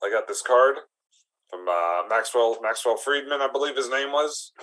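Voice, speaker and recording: A man voicing a lonely, introverted male goblin looking for a date, talking in an anxious, rushed and pleading way. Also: medium pitch, lively intonation, a bit bright, close to an everyday voice, poor audio.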